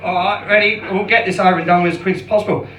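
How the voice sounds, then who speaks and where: Halting man doing stand-up. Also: sits high, fairly even intonation, distant mic, lo-fi sound. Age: around 50. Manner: self-deprecating, halting with restarts. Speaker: stand-up comedian. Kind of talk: open mic stand-up set. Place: comedy club stage. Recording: roomy club sound from off mic.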